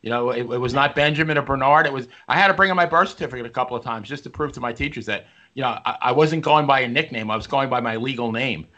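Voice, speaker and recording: Man, bright clear voice, co-host, friendly rambling questions. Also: mid-range voice, fast, hardly any pauses, lo-fi sound. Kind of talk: casual radio chat.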